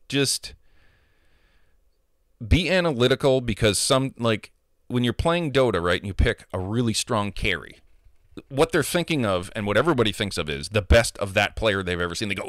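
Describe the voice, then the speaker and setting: A man's voice: mid-range voice, fairly bright tone, no echo, studio quality. A man, a gamer, ranting casually and heatedly about online trolls, profane and emphatic. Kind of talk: casual rant.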